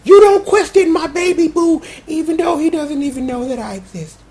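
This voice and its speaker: A man voicing a lovestruck young woman who gushes over her crush in a raised, breathy falsetto. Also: moderate pace, a little mellow. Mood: gushing. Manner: high, gushing, breathy falsetto.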